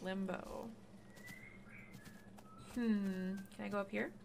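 A woman's voice: mid-range voice, fairly even intonation, slow, vocal fry, darkish tone, a little hiss or hum. A woman streamer giving casual commentary as she plays a game, swearing freely and bursting into laughs and shrieks of surprise.

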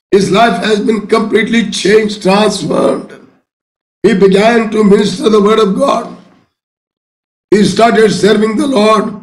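Older male preacher, Indian English accent, seventies; slow, emphatic sermon delivery with a high voice. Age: 70s. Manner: slow, emphatic preaching with sudden loud outbursts. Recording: echoey room.

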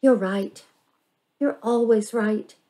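A woman's voice: medium pitch, slow, voice pushed up, natural voice, poor audio. A woman voicing an impatient, curious young girl who pleads and talks eagerly in a storybook reading. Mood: resigned. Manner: eager, pleading, rising excitement.

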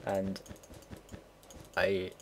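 A man's voice: sits low, monotone, drawn-out words, a little hiss or hum. A young man in his late teens, casually rambling and swearing while narrating a computer build. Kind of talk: casual gameplay commentary. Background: keyboard typing and mouse clicks.

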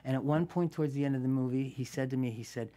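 A man's voice: mid-range voice, fast talker. A man in his sixties, an actor as guest, telling anecdotes in a casual interview, swearing freely and acting out quoted lines. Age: 60s. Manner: animated storyteller, swears freely, acts out quotes.

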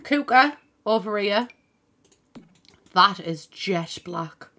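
A woman's voice: medium pitch, animated, drawn-out words, bright, forceful tone. Chatty young woman streaming a game. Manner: chatty, thinks aloud, thanks viewers by name; swears casually and laughs often. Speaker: live streamer. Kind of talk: casual gaming stream chat.

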